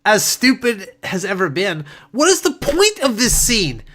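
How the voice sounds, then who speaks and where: A man's voice: high voice, huge pitch swings, a little slow, sharp tone. A man co-hosting a comedy show, riffing sarcastically on a movie and laughing often. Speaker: comedy podcast co-host.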